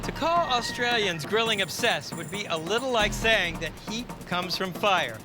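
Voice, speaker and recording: A middle-aged man hosts a grilling show in a bright, fairly high voice that swings widely in pitch. He reads punchy scripted lines and slows down to give step-by-step instructions. Clear music plays beneath the broadcast audio. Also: animated. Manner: enthusiastic, punchy, measured instructions. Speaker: TV cooking show host. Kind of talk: scripted cooking show presenting.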